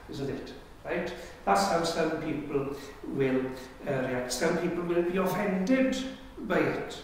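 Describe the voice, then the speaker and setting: Man, pastor, earnest sermon, slow delivery, long church reverb, faint background noise. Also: a little high. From Wales. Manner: earnest, conversational preaching with rhetorical questions. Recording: echoey church hall recorded from far off.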